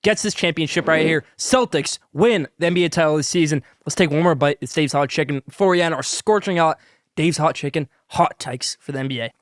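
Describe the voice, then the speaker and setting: A man hosting a sports podcast, pitching a sponsor and giving basketball hot takes between bites of food, talking with food in his mouth at times. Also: fairly quick, no echo. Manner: hyped, salesy, talks with food in mouth. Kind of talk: sponsored hot-takes segment while eating.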